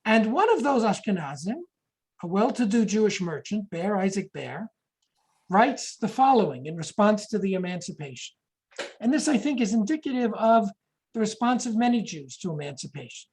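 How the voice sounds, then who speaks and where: A woman's voice: mid-range voice, big pitch swings, normal speed, darkish tone, rough recording. A woman giving a history lecture, explaining points and reading quotations aloud, sometimes correcting herself mid-sentence.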